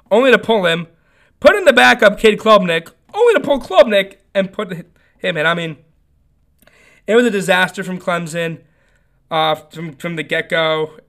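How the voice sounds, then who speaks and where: A man's voice: sits high, fairly bright tone, smooth. A young man hosting a casual sports podcast, ranting in an opinionated, rambling way with lots of fillers and restarts. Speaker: podcast host.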